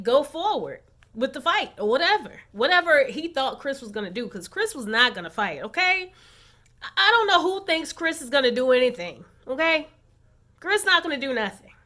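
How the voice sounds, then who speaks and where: Sassy high-voiced woman vlogger. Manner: sassy, animated commentary. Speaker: recap vlogger. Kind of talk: casual reality-show recap.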